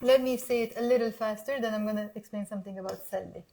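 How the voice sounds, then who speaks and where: A woman from Lebanon with a Lebanese accent, teaching Arabic phrases in English and patiently repeating words slowly for learners. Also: mid-range voice, fairly even intonation, mellow. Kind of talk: language lesson.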